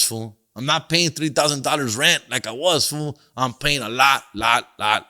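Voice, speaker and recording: A man's voice: medium pitch, moderate pace, few pauses, pushed and bright. A middle-aged man hosting a podcast, telling stories in a casual, profane, slangy way and mixing in Spanish phrases. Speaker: podcast host and comedian. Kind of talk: casual storytelling monologue.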